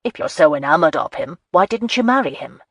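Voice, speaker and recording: A woman's voice: lowish voice, lively intonation, fairly quick, a bit bright, breathy edge, dry recording. A woman voicing an aloof, guarded marquis with clipped, dry speech in an audiobook. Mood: teasing. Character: brooding aloof male marquis, teasing, guarded.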